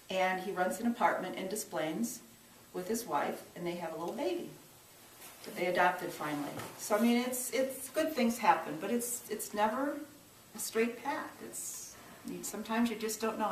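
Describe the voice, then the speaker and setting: A middle-aged woman shares a personal testimony in an earnest, reflective voice, restarting phrases and pushing certain words hard. Her pitch sits mid-range. The sound is roomy and a little distant, with faint ambience behind it. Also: lively intonation, normal speed, a little hiss or hum. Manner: earnest, reflective, with many restarts and emphatic rises. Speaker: church social service minister.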